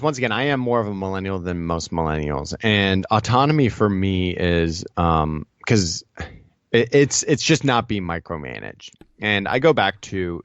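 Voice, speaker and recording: A man's voice: low-pitched, no room sound, muffled recording. A man telling stories with lots of energy as a guest in a casual podcast interview. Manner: energetic, animated storyteller. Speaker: podcast guest, ad agency partner.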